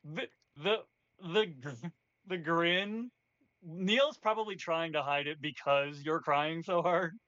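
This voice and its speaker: A man's voice: fairly high pitch, slow pace, bright, forceful tone, dry recording. Man game master, casual rambler, dry, dull recording. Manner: rambling, casual, swears freely. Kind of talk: narrating a tabletop game.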